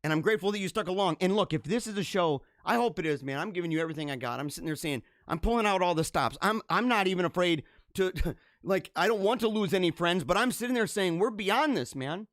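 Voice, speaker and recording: A man hosting a live religious stream, talking fervently and preachily, dropping to hushed tones and then rising to loud exhortation. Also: high voice, animated, quick pace, no echo, clean studio sound. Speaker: host of a live religious show. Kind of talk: impassioned live-stream monologue.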